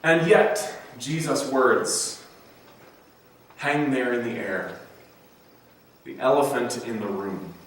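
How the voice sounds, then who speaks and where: A man's voice: mid-range voice, slow, pauses often, a little hiss or hum. A man preaching a sermon, dramatically voicing quoted thoughts and the words of the people he tells about. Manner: dramatic, acts out quoted voices. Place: church sanctuary. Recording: echoey church hall from a distance.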